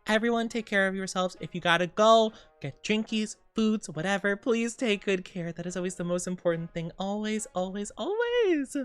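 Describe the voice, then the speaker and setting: A streamer woman with a voice at a middle pitch, gushing and bubbly as she greets her chat and wishes everyone well over and over. She peppers her talk with cutesy slang, and soft music sits faintly behind her. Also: normal speed, hardly any pauses, clear, resonant tone. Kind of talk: casual livestream chat.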